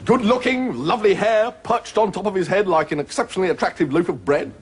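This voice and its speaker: An actor playing a foppish, dim-witted young prince with a plummy, guffawing voice, in 1980s sitcom style. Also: male voice, high-pitched, fast, breathy edge. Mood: jolly.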